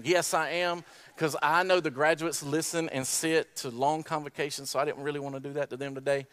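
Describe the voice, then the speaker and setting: A man giving a sermon at a graduation service. He tells a story in a relaxed way, rises to a fervent call, and closes with a quiet prayer. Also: fairly high pitch, a little fast, few pauses, clear, resonant tone. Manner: storytelling, climbs to impassioned exhortation. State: tearful at times.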